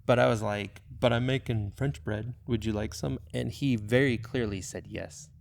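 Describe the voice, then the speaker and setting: A young man, a missionary pilot, telling a personal story in casual, animated talk full of fillers. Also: medium pitch, normal speed, creaky, a little hiss or hum. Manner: animated, emotional, filler-heavy.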